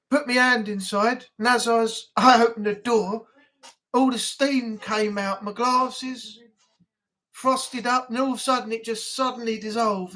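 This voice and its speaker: A man's voice: very high-pitched, sharp tone. A man hosting a casual live chat from home, rambling and easygoing. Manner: rambling, chatty, laughs easily. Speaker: live stream host.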